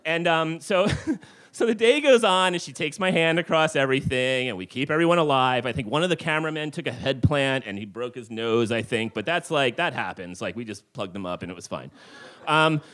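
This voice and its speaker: A man's voice: mid-range voice, fairly quick. A middle-aged man telling a rambling true story to a live audience in a tavern, with lots of fillers. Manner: animated, rambling with many fillers.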